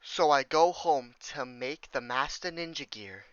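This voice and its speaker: Young male gamer narrating over footage; bright, crisp voice, cursing and venting constantly, dry slightly dull recording. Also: mid-range voice, measured pace, no echo. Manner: profane, exasperated ranting with sudden outbursts. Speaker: gaming YouTuber.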